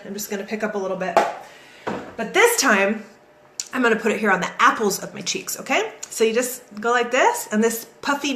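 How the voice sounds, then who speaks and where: A woman hosting a live makeup tutorial, chatty and energetic, talking straight to her viewers. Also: mid-range voice, echoey room, slight background noise. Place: home, in California.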